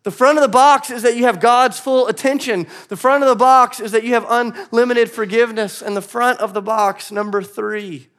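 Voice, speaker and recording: A man in his thirties preaches a sermon in a high, light voice. He talks in a conversational, animated way and slips in playful asides. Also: normal speed, hardly any pauses, clear, resonant tone. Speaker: pastor. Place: church stage.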